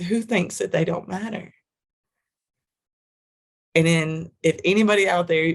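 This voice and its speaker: A woman's voice: fairly low pitch, creaky. A woman telling a personal story in a podcast interview, vivid, repetitive and emphatic. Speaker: guest, trucking wellness business owner.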